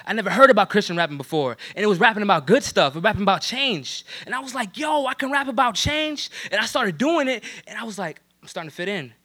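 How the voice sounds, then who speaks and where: A man's voice: sits high, very animated, fast talker, few pauses, sharp tone. A young man from New Jersey giving a personal church testimony in casual slang, with lots of "you know what I'm saying".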